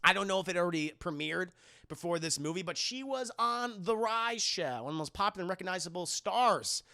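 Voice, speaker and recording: A man's voice: sits high, expressive, brisk, bright, forceful tone. A man hosting a livestream, animatedly recapping a film to his chat with lots of profanity. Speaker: streamer host.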